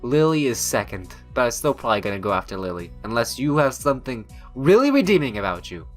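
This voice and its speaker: A man hosting a visual novel playthrough, reading aloud and breaking off into rambling, excitable asides. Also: mid-range voice, quick pace, faint music behind. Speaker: let's-play host.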